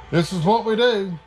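A man's voice: sits high, a little mellow. A man talking to his little son at home, doting and coaxing in a folksy way. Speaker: vlogger, father. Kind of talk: casual family vlog.

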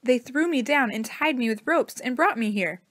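A woman reading the part of a sorrowful captive man in a storybook, quiet and resigned. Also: sits high, animated, normal speed, voice pushed up.

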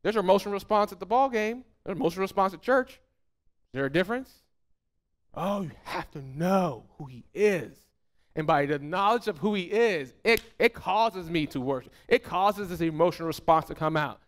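A man preaching a fervent, emphatic sermon as a pastor, repeating phrases and dropping soft and low at the end of his points. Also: animated, moderate pace.

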